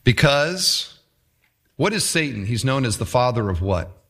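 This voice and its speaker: A man's voice: medium pitch, measured pace, slightly rough. A man preaching a sermon, reading scripture aloud and acting out the mocking voices of the characters. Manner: animated preaching, voicing the taunts of biblical characters. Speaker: pastor.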